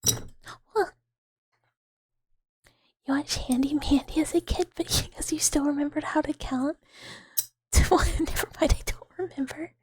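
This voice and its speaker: A young woman streaming whispered ASMR chat, talking softly to her viewers and giggling often at herself, close to a sensitive microphone. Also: high voice, measured pace, pauses often, no echo.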